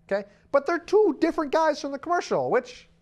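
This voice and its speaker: A man hosts his own show, talking through a funny story in a loose, rambling way. His pitch swoops up and down, and he keeps jumping into goofy voices for the characters. The tone stays wry and conversational throughout. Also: big pitch swings, a little fast. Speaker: podcast host. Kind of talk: casual comic monologue.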